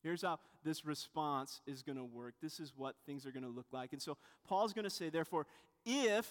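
A man's voice: sits high, unhurried, a bit bright. A man preaching a sermon in a conversational, storytelling way, often restarting and adding asides. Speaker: pastor. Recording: long hall reverb.

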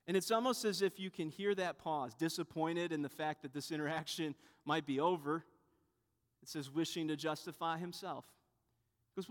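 A man's voice: on the high side, moderate pace. A young man giving a sermon as pastor, conversational with rhetorical asides. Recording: reverberant hall.

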